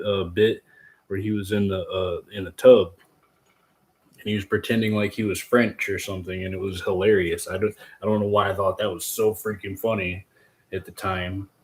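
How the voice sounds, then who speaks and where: In a relaxed livestream tutorial, a man with a deep, low, slightly mellow voice walks through a DIY agar method by hand. He rambles goofily and keeps pausing to talk with his viewers.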